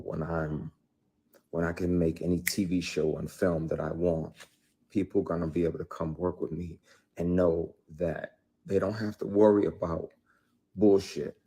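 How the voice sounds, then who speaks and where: A man's voice: deep voice, warm tone. A middle-aged man speaking candidly about his work as an actor, blunt and emphatic, with plenty of profanity and rising intensity. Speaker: actor telling his story. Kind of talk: candid conversational interview.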